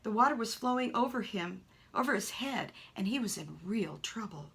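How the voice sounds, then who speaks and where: A woman telling a children's adventure story in a lively voice, sometimes dropping to a whisper. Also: a little high, normal speed, gravelly. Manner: animated, with soft whispered asides.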